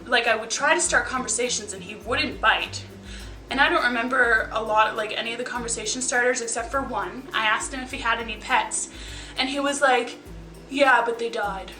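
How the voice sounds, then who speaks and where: Young female vlogger, bright and a bit high-pitched, wry storyteller, roomy echo, mic set back, faint music under. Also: moderate pace. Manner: chatty, wry, sarcastic asides with lots of likes. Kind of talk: casual storytelling to camera. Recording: echoey room, mic at a distance.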